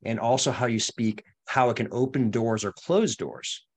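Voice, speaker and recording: A man's voice: mid-range voice, normal speed, husky. A man from the Boston area hosts a podcast interview. He talks in a conversational way, tags his points with questions and steers the guest along. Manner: conversational, asks leading questions. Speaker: podcast host. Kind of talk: interview chat.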